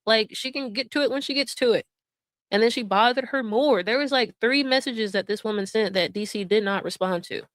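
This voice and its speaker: A woman's voice: on the high side, fairly quick, fairly bright tone, no echo. A woman hosting drama commentary, sarcastic and laughing as she mocks and mimics others. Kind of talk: mocking commentary over stream clips.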